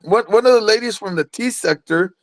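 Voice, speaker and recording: Tipsy, boastful man with a gravelly high voice. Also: a little fast, dry recording. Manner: boastful, rambling, stammers and repeats himself. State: tipsy from drinking. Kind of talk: casual rowdy chat.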